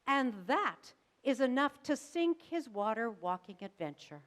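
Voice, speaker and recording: A woman pastor preaching a sermon, telling the story dramatically with varied emphasis and pauses. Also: medium pitch. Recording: long reverb of a church sanctuary.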